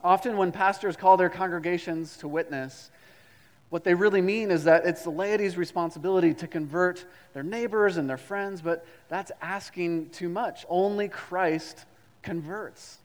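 A man's voice: high-pitched, normal speed, in a large hall. A man preaching a sermon as a pastor, reading scripture and leading the congregation in call-and-response with repetition.

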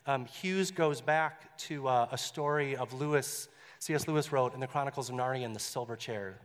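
A man's voice: medium pitch, in a large hall. A male pastor preaching in a conversational way, with joking asides and a story read aloud.

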